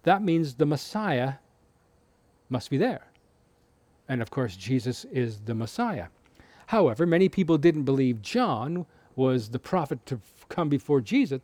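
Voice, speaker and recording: A man's voice: mid-range voice, sing-song, moderate pace, a little mellow, dry recording. A man giving a conversational Bible teaching, explaining scripture with frequent restarts. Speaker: preacher.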